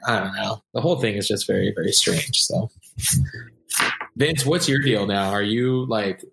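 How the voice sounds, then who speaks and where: A man's voice: fairly low pitch, normal speed, creaky, slight background noise. A man in his forties chatting casually, telling stories and acting out what other people said. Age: 40s. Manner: animated storyteller, acts out other people's lines. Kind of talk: casual chat. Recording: roomy echo.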